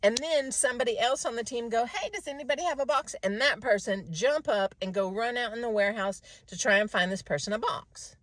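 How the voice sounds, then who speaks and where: A middle-aged woman in a casual self-reflective monologue, animated and talking to herself. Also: a little high, a little fast, few pauses. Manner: animated, talks to herself, mimics others' voices. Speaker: vlogger.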